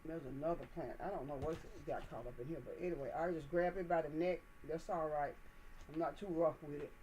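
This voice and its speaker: A woman's voice: low-pitched, steady tone, fairly quick, warm tone, highs cut off, slight background noise. A woman hosting a gardening channel, talking viewers through potting plants indoors in a chatty, folksy, encouraging way. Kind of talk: casual how-to demonstration.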